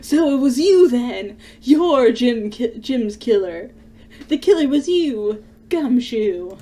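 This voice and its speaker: A woman voicing a theatrical male prosecutor villain in a video game, loudly faking grief and outrage. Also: on the high side, slow. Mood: accusing. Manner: melodramatic, overblown outrage.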